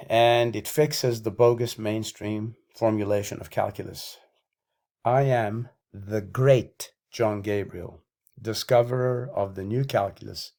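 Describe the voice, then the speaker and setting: A man's voice: on the low side, darkish tone. A man hosting his own channel, delivering a combative, self-aggrandizing monologue, out of breath and losing his voice. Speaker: channel host. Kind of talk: ranting monologue.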